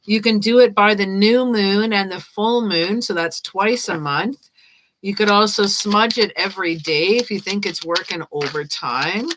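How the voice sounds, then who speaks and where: A woman giving tarot readings on a casual live stream, chatting and reading card meanings aloud as she thinks out loud. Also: medium pitch, unhurried, noisy background. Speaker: tarot reader.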